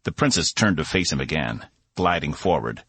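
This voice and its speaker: Deep husky guy narrating an audiobook, lots of up and down, dry sound. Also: normal speed, no echo. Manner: expressive storytelling. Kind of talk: scripted narration.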